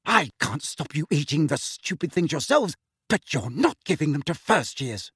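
A man voicing an indignant teenage schoolgirl, sharp and scolding, in an audiobook. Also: fairly high pitch, big pitch swings, normal speed, breathy edge, dry recording, clean studio sound, heavily acted. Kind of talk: audiobook character voice.

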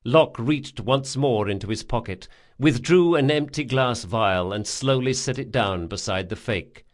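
A man's voice: medium pitch, a little slow, hardly any pauses. A man narrating a novel as an audiobook reader, with scripted, storytelling delivery.

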